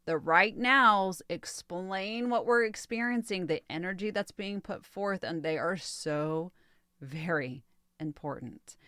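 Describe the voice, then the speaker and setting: Calm woman coaching, dry close sound. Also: on the low side, no room sound. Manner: calm, measured, coaching tone with light laughs. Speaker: podcast host and relationship coach. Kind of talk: solo podcast teaching.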